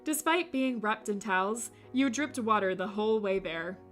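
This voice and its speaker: Bright-voiced woman streamer reading aloud. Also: mid-range voice, moderate pace, faint music behind. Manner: animated, jokey asides with laughter. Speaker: streamer reading a visual novel. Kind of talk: reading aloud with playful commentary.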